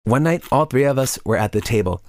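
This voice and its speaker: A man telling a scripted confession story in an even, regretful storytelling voice. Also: medium pitch, fairly quick, dry recording, clean studio sound.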